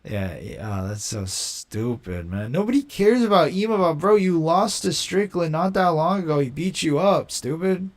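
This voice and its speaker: Young man, livestream host, slightly high voice, slangy, rambling, mocking. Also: lively intonation. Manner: slangy, rambling, quick to mock. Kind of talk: casual live commentary.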